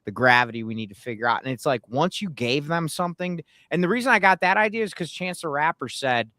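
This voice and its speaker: A man telling stories in a casual chat, animated and growing heated when riled. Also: on the high side, fast, no room sound, studio quality.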